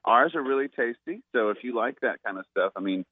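A man's voice: mid-range voice, animated, brisk. A laid-back man calling in as a musician guest, talking easily on the phone. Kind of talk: casual phone interview. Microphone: phone line. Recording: tinny phone line.

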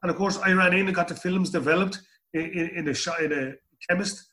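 A middle-aged man with an Irish accent tells a long anecdote in an interview. He rambles and circles back on his own words, in a voice that sits a little high for a man. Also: a little fast, sharp tone. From Ireland. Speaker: guest. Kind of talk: storytelling interview.

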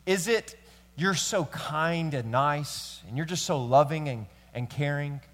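Male pastor, slightly high voice, chatty sermon delivery, long reverb of a church sanctuary. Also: measured pace, a bit bright. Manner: conversational storytelling, addresses the men in the room.

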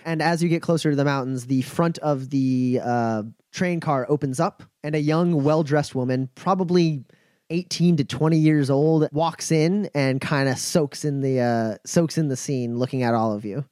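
A man's voice: a little high, moderate pace, a little mellow, no echo, studio quality. A man narrating a tabletop game as game master, loosely, with many fillers.

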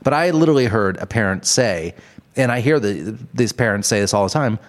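His voice is fairly low, brisk, and lively in intonation. As a podcast host, he launches into exaggerated, comedic rants, cursing freely and cracking himself up at his own jokes.

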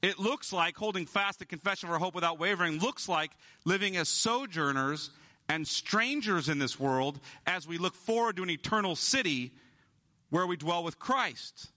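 Guy preaching a sermon, kinda high voice, bright and pushy tone, leans hard on the big words. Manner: emphatic preaching, slowing down to stress key words. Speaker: pastor.

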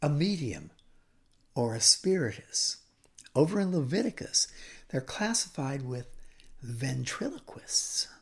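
A man teaching a scripture story dramatically, shifting between loud emphasis and hushed whispers. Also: mid-range voice, big pitch swings, takes it slowly, creaky, pauses often. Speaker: Bible teacher.

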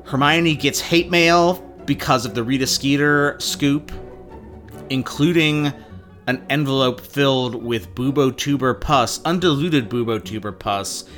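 A male podcast host giving a sardonic, profane chapter-by-chapter recap with quick asides. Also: mid-range voice, a bit bright.

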